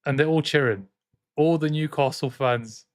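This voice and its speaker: Brief: male streamer, slightly high voice, excitable live football reaction, trades banter with chat. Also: normal speed. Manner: excitable, jumps between commentary and arguing with chat. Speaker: streamer hosting a football watchalong.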